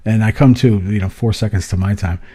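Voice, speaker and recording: A man with a low, husky voice and a dark, mellow tone, chatting casually on a podcast. He tells his story with loose, profane energy and swears freely. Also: a little fast. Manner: swears freely, lively retelling. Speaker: podcast co-host.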